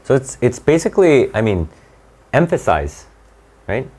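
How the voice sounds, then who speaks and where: A man teaching an SAT class live, talking in a halting, conversational way with frequent restarts and fillers. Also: mid-range voice, big pitch swings, darkish tone, slightly rough. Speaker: SAT tutor.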